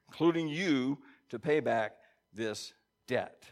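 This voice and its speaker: A man's voice: medium pitch, expressive, moderate pace. A man preaching a sermon in a conversational way, reading scripture aloud and checking in with his listeners. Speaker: pastor.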